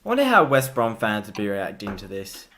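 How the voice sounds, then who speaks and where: A man's voice: lowish voice, huge pitch swings, moderate pace, bright, forceful tone, a little hiss or hum. A man co-hosting a football watchalong, talking in a laid-back, dry way. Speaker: co-host of a fan channel watchalong. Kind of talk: casual live match chat.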